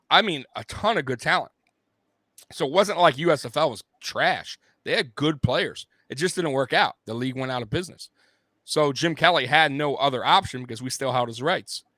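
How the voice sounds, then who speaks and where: A man's voice: on the high side, no room sound. Profane, fired-up male sports host. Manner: blunt, profane, animated fan rant. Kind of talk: casual sports rant.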